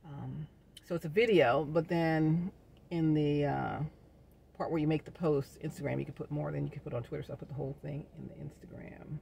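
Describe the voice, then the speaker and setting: A middle-aged woman speaks to her viewers in a chatty, uplifting vlog. Her voice carries a gravelly rasp, and she drops preacher-like asides and laughs easily. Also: low-pitched, mellow, a little hiss or hum. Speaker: vlogger. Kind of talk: casual inspirational vlog talk.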